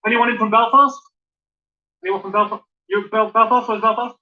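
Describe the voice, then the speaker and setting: Crude stand-up comedian. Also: male voice, high-pitched, steady tone, fairly quick. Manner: dry, crude, teasing the crowd. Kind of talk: stand-up routine. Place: comedy club stage. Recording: muffled live recording with noise.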